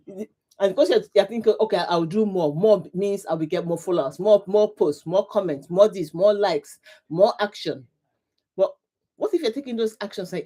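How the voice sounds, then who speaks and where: A woman's voice: mid-range voice, warm tone. A middle-aged woman hosting a live motivational talk, speaking emphatically with lots of repetition and laughing often as she greets her viewers. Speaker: livestream host, coach.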